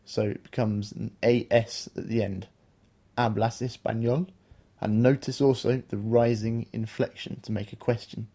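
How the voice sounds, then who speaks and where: Male podcast teacher, patient and explanatory, mellow low-key tone. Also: steady tone, moderate pace, hardly any pauses. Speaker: language teacher, podcast co-host. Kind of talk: explaining a beginner language lesson.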